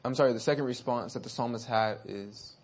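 A man preaching a sermon. He shifts between hushed and loud passages, urges his listeners on, and reads scripture slowly and deliberately. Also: medium pitch.

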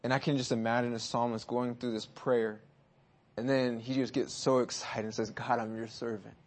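A man preaching a sermon. He shifts between hushed and loud passages, urges his listeners on, and reads scripture slowly and deliberately. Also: medium pitch, little pitch movement.

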